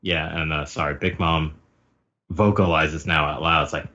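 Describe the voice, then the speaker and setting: A man's voice: very deep voice, moderate pace, lo-fi sound. A man hosting a podcast, recapping a comic casually, laughing often and acting out the panels. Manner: laughing, animated, acts out panels. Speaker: podcast host.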